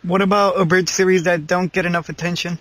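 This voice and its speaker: A man's voice: high-pitched, level tone, fast talker, a bit bright, no room sound. A man interviewing a guest, reading short questions plainly.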